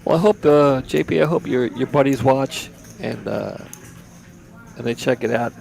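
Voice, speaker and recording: A man's voice: mid-range voice, normal speed, creaky, a little mellow. A man giving easygoing, chatty live commentary on a poker table from a booth. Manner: chatty, easygoing, repeats words. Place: commentary booth at a card room.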